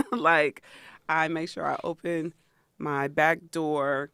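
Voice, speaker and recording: A woman co-hosting a podcast in casual chat, animated and laughing often. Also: sits low, slow pace, vocal fry, clean tone, no room sound. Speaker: podcast co-host.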